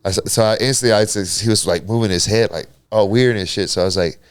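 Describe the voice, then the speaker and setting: A man's voice: fairly low pitch, quick pace, clear, resonant tone, dry recording. A man from Kentucky and South Texas hosting a podcast, swearing freely and laughing through a story. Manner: laughing, profane storyteller who acts out voices. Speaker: podcast host. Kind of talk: casual storytelling chat.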